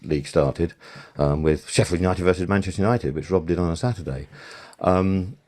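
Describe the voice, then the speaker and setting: A man's voice: low voice, fairly quick, a little mellow. An older man, a former sound supervisor, telling long rambling anecdotes in a casual podcast interview, full of fillers and restarts.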